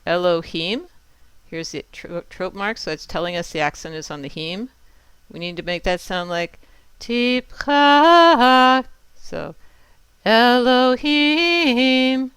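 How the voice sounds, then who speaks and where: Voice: mid-range voice, fairly bright tone, smooth, dry recording. A patient teacher explaining Torah cantillation step by step and chanting each example aloud. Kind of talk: step-by-step lesson with sung examples.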